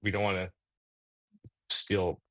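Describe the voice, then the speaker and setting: Rambling, stammering man player, low and dry. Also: level tone, slow, bright, forceful tone, no room sound. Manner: rambling, stammering, nervous restarts. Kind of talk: in-character tabletop role-play.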